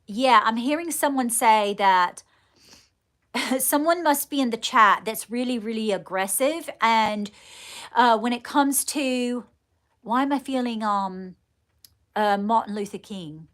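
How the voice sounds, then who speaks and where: A woman leading a live channelling stream, speaking in halting, repeated phrases and calling her viewers darling. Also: fairly high pitch, fairly bright tone. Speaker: psychic medium.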